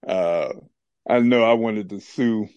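An animated storytelling podcast host, male. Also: male voice, lowish voice, slow pace, clean tone, dry recording, muffled recording. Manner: animated storyteller who laughs often. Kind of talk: casual chat and storytelling.

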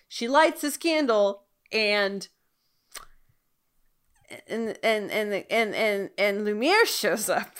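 A woman co-hosting a casual chat show, talking in an animated, chatty way and laughing often. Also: mid-range voice, takes it slowly, pauses often, clear, resonant tone. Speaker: podcast co-host.

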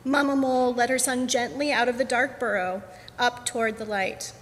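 A woman reading a picture book aloud to children at a worship service, gentle and unhurried. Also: on the high side, fairly even intonation. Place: church sanctuary. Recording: echoey sanctuary, faint hum.

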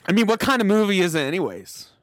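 Brief: sarcastic male podcast co-host, animated delivery, dry close mic. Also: high voice, quick pace, no echo. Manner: sarcastic, teasing, dry jokes. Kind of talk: casual chat over drinks.

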